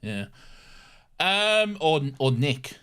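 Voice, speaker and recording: A man's voice: fairly high pitch, sing-song, extremely slow, fairly bright tone, smooth. A man co-hosting a podcast in casual chat, laughing and swearing as he jokes. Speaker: podcast co-host.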